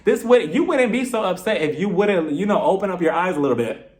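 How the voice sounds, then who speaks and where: A man giving a blunt, animated recap and review of a reality TV episode, swearing freely. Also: sits high, brisk. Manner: animated, blunt, swears freely, mimics the cast in put-on voices. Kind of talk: casual commentary.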